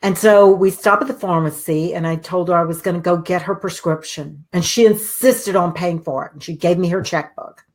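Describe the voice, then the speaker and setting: A middle-aged woman hosting a talk show, telling a personal story in an animated way and acting out the voices of the people in it. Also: lowish voice, moderate pace, few pauses. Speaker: host.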